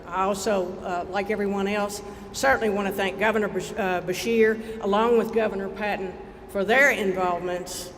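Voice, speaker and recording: A state legislator with an Eastern Kentucky accent giving a heartfelt, folksy dedication speech to a crowd at an outdoor ceremony. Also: male voice, sits high, fairly bright tone. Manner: folksy, heartfelt, rising to rallying cries. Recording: reverberant PA with crowd and background noise.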